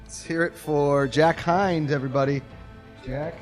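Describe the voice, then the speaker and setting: A man's voice: on the high side, steady tone, measured pace, soft background music. A man hosting a fantasy football draft, announcing picks and joking with the players. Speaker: draft host. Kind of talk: lively draft emceeing.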